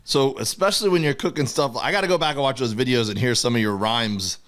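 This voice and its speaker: A man with a smooth, clear voice hosts a casual podcast interview. He is easygoing, laughs along with his guest and asks playful questions. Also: medium pitch, fast, a bit bright. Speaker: podcast host.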